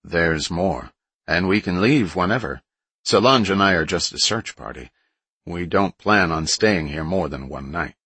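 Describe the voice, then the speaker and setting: A direct, plain-spoken survivor, as a male narrator plays him. The voice is deep and slightly husky, with a tense, bright edge, and the read is dry. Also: unhurried, no room sound, full character voice. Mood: easy. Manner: blunt, steady. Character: direct, calm survivor man.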